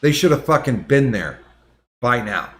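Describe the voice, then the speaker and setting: Man, podcast host, casual chat, swears freely, stumbles and restarts, mid pitch. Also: sing-song, unhurried, a bit bright. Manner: profane, heated retelling with many restarts.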